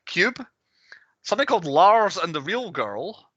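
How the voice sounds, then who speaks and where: A man's voice: high-pitched, sing-song, measured pace, fairly bright tone, breathy edge, no room sound, lo-fi sound. A man in his late thirties co-hosting a casual film podcast, running through facts with hedging asides and chuckles. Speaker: podcast co-host presenting the film's cast.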